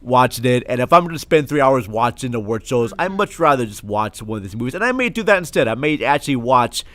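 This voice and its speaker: A man hosting a podcast in casual chat, relaxed, reading out viewer comments. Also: mid-range voice, fast. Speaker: podcast host.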